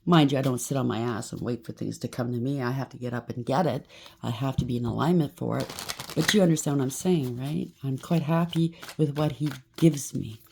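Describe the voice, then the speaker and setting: A woman's voice: rumbling low, brisk, creaky, background noise. A woman giving a rambling, chatty collective tarot reading, preaching and thinking aloud with frequent asides. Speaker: tarot reader.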